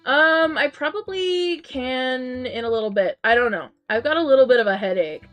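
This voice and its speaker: A woman's voice: sits high, expressive, moderate pace, a bit bright. A woman streamer chatting casually with her viewers, reading out chat messages, giggling often and restarting her sentences with lots of ums. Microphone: headset mic. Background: faint game music.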